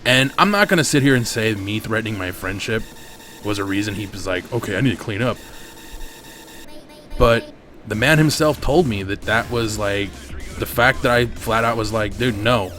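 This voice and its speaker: A man's voice: fairly low pitch, moderate pace, sharp tone, soft background music. Candid, swearing gaming host man. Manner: candid, profane, rambling. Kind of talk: casual storytelling over gameplay.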